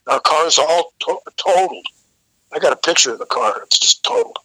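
Older male singer guest, very bright cutting voice, dry close sound, salty storyteller. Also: a little high, animated, a little fast, slightly rough, no room sound, low-quality recording. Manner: profane, vivid storyteller who acts out the people in his story. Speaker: guest vocalist. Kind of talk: storytelling in a casual interview.

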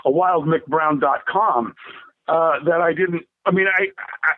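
A man's voice: a little high, unhurried, no room sound. An older man telling rambling stories as a musician being interviewed, laughing often and restarting his sentences. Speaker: rock drummer interviewee. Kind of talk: casual storytelling interview. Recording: tinny dry phone line.

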